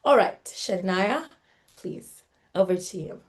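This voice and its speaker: A woman hosts a live event in an effusive, exclamatory way, laughing often as she speaks. Her voice sits at a middle pitch. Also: expressive, unhurried. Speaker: event host.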